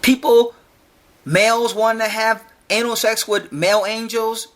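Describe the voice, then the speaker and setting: Speaking in a high, fairly bright voice with a steady tone and no rush, a male podcast host argues his point alone. He circles back to the same phrases, challenges listeners with rhetorical questions, and stumbles on repeated words.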